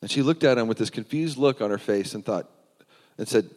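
A man's voice: lowish voice, animated, brisk, a little mellow. A man preaching a sermon in a church, telling a story earnestly and often restarting his words. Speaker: pastor. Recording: long hall reverb.

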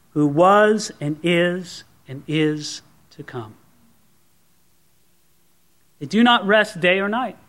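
A man's voice: high voice, a bit bright. A man preaching an expository sermon, teaching earnestly and repeating words for emphasis. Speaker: pastor.

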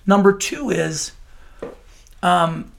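A man's voice: sits high, very slow, gravelly, a bit bright. A middle-aged man working in child welfare, answering interview questions in an earnest, heartfelt way with many restarts.

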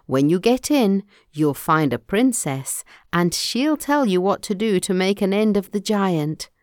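A woman voicing a wise, helpful male wolf in a storybook tale, speaking calmly and instructively. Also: medium pitch, unhurried, no echo, studio quality, close to an everyday voice. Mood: reassuring.

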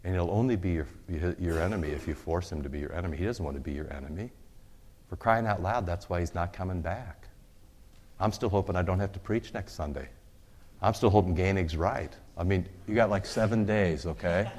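A very deep-voiced man preaches a sermon, earnest and exhorting, with quick asides. He repeats a prayer slowly, his voice dropping away at the ends of lines. His voice rings with the long reverb of a large church hall. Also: darkish tone.

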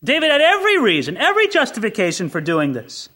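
A man preaching a sermon as pastor, animated and full of rhetorical questions, swelling to emphatic peaks. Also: very high voice, quick pace. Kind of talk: expository sermon.

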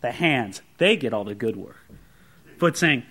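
A man preaching a sermon in a conversational, animated way, with joking asides. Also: mid-range voice, a little slow, husky.

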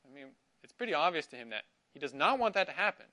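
A middle-aged man leads a Bible class, his bright voice swinging widely up and down as he quizzes the room and affirms each answer. He speaks in a fairly high register, with a clear, lively delivery. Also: fast talker. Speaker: Sunday school teacher.

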